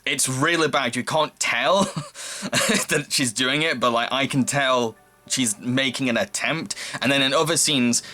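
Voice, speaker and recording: A man's voice: medium pitch, unhurried, sharp tone, soft background music. Giggly man reviewing a film. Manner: giggly, rambling. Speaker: movie review host. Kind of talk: casual chat.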